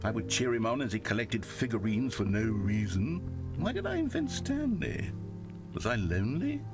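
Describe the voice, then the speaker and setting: A man voicing a wistful, reflective video game narrator who speaks in a calm, deliberate storytelling manner. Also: medium pitch. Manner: calm, deliberate storytelling delivery with gentle pauses. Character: wistful middle-aged male game narrator, measured and reflective. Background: game music.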